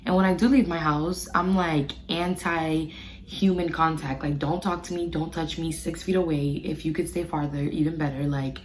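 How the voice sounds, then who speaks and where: Low-voiced chatty young woman. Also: normal speed, slight background noise, rough recording. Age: 20s. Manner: chatty and animated, slangy storytelling while doing makeup. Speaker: beauty vlogger. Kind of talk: casual get-ready-with-me chat. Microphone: phone camera close up.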